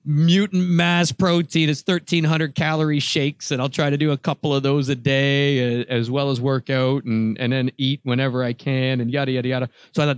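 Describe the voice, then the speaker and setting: A man hosting a podcast, telling stories in a casual, animated, self-mocking way and laughing often. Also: medium pitch, fast talker, few pauses, dry recording. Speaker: podcast host. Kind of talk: casual chat.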